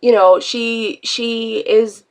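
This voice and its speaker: A woman talking straight to camera in an unscripted vlog, her voice stuffy and congested from a cold. She rambles in a chatty, self-deprecating way, and her words carry a gravelly, fry-laden edge. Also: a little high, steady tone, slow pace, darkish tone. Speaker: vlogger.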